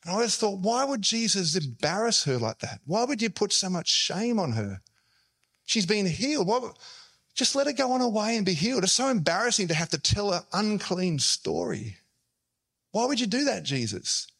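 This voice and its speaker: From the pulpit, a pastor preaches in a high, bright, forceful, husky voice at a moderate pace. He tells his story in a lively way and slips into a different voice for each quoted line.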